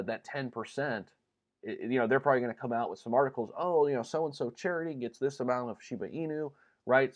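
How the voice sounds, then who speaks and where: Upbeat chatty man hosting a livestream. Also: mid-range voice. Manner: chatty, upbeat, greets viewers by name; frequent ums and uhs. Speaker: crypto livestream host. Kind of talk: casual livestream commentary.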